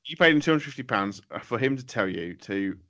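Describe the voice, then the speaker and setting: A man's voice: mid-range voice, expressive, brisk, bright, forceful tone. Teasing man, podcast banter. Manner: teasing, rambling. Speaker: podcast co-host.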